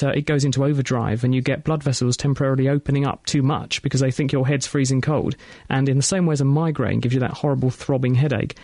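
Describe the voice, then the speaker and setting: A man co-hosting a science radio show, reading out listener emails and explaining answers in a brisk, chatty way. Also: medium pitch, dark tone, no echo, clean studio sound.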